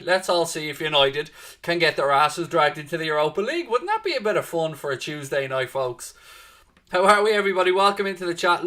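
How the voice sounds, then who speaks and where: A man with a bright, tense-edged voice hosts a live football watchalong, talking in a loose, chatty way. He greets viewers by name and keeps calling them mate and folks. His speaking voice sits a little high for a man. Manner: addresses listeners as mate and folks. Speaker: host of a football watchalong stream. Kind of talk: live casual match-preview chat.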